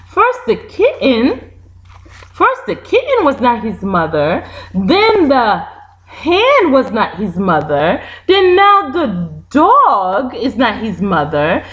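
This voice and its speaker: A woman teacher, with Haitian Creole as her first language, reads a children's storybook aloud at a slow, careful pace. Her high voice rises and falls a great deal as she stops to quiz the young listeners. She sounds animated the whole way through. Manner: animated, asks the children questions.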